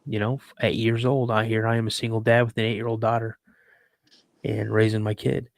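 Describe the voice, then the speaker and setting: A man telling an emotional personal story in an earnest, halting way, full of restarts as he fights back tears. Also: lowish voice, little pitch movement, gravelly, no room sound, clean studio sound.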